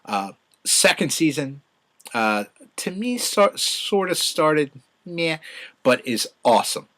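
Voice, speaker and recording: A middle-aged man giving a casual, rambling solo review, full of fillers and restarts, with sudden excited bursts. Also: on the high side, slow. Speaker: podcast host reviewing a TV show.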